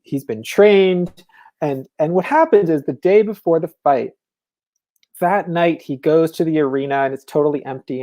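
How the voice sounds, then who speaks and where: Mellow-voiced man talking about writing. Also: medium pitch. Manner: enthusiastic, conversational, many fillers. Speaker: novelist, festival speaker. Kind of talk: casual lecture on writing.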